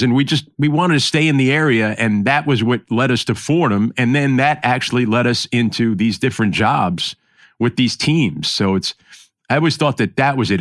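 A man's voice: medium pitch, no room sound, studio quality. A middle-aged man from the New York area with a New York accent, hosting a casual podcast conversation and talking in a rambling, reflective way. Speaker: podcast host.

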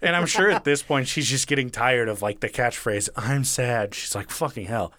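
A man's voice: medium pitch, expressive, normal speed, pushed and bright, no room sound, clean studio sound. A man retelling a story in casual, profane chat, acting out the lines of the people in it. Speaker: podcast co-host retelling a true story.

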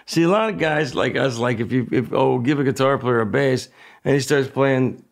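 Gravelly man telling animated stories. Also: mid-range voice, normal speed. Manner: animated storytelling, swears freely. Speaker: guest musician. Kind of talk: casual chat.

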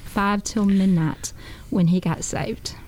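Woman telling her testimony, earnest, folksy storytelling, mellow mid-range voice. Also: mid-range voice, fairly even intonation, slow, a little hiss or hum. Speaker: guest giving a testimony. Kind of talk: storytelling testimony on a talk show.

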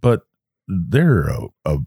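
A man's voice: sits low, huge pitch swings, slow pace, mellow, husky, no echo, studio quality. A man with a Southern US accent, co-hosting a podcast in a folksy, rambling way with plenty of fillers. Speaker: podcast co-host. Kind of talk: casual chat.

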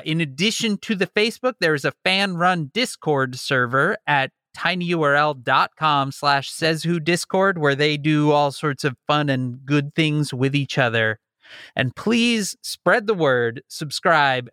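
A man's voice: a little high, bright, forceful tone, no echo. A man co-hosting a podcast from his basement, chatting casually and reeling off plugs with dry humor. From Chicago. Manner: wry, rattles off plugs quickly. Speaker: podcast co-host. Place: home basement.

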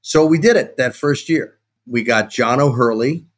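A middle-aged man, a guest on a podcast, telling a lively anecdote and acting out the dialogue of the people in it. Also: medium pitch, moderate pace. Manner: animated anecdote-telling, acts out quoted dialogue. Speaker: sports television executive, guest. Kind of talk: casual storytelling in a podcast interview.

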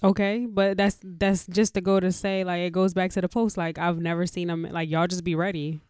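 A woman's voice: lowish voice, level tone, a little fast, a little mellow, clear, resonant tone, dry recording, clean studio sound. A woman co-hosting a podcast in casual chat, easygoing, laughing off teasing and pushing back mildly. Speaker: podcast co-host.

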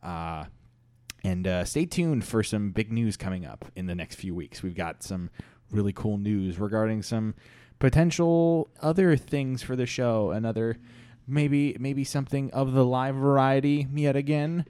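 A man's voice: mid-range voice, unhurried, dark tone, clean tone, no echo. A man hosting a comedy podcast in a casual, rambling way, full of fillers. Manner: rambling, filler-heavy, chuckling. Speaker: podcast host.

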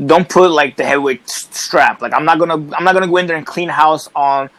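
A man's voice: on the high side, fast, fairly bright tone, poor audio. A man, a wrestler, chatting casually on a podcast, rambling with lots of restarts and swearing. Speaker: wrestler guest.

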